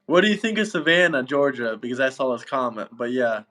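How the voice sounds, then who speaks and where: A man's voice: mid-range voice, animated, a little fast, crowd noise. A man hosting a casual livestream, reading out viewer comments and thanking them in an upbeat way. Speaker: livestream host.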